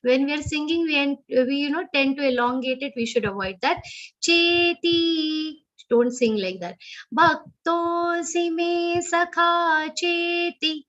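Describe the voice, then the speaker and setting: A woman with an Indian English accent teaching Sanskrit verse recitation in an online class, correcting pronunciation and chanting lines slowly. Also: sits high, highs cut off. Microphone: video call.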